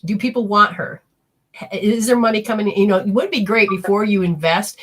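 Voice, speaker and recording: A woman hosting a live call-in spiritual reading, effusive and prone to high excited exclamations. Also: fairly quick, breathy edge. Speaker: spiritual reader and show host.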